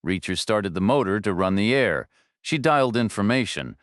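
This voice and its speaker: A man narrating a thriller audiobook in a steady, measured way, close to the mic. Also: fairly low pitch, no room sound.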